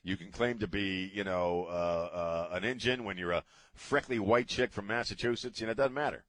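Middle-aged guy on talk radio, low voice, sarcastic rant, dry studio sound. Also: moderate pace, fairly bright tone, dry recording. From United States. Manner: sarcastic, ranting, swears casually. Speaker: radio talk show host. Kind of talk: opinionated talk radio monologue. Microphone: studio broadcast mic.

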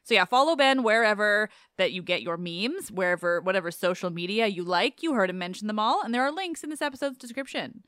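A woman hosting a podcast in casual chat, talkative and quick to laugh, saying "like" a lot. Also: medium pitch, expressive, a bit bright, clear, resonant tone, no room sound, clean studio sound. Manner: chatty, laughs often, says like a lot. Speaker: podcast host. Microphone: home podcast microphone.

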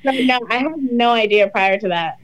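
A woman's voice: fairly high pitch, moderate pace, low-quality recording. A young woman chatting casually as an interview guest, full of "like" and "um" fillers. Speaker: interview guest, reality show contestant.

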